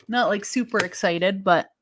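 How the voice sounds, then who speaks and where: A woman's voice: mid-range voice, slight background noise. A woman co-hosting a wrestling live stream, chatting casually and thinking aloud with sighs and restarts as she reacts to viewer comments.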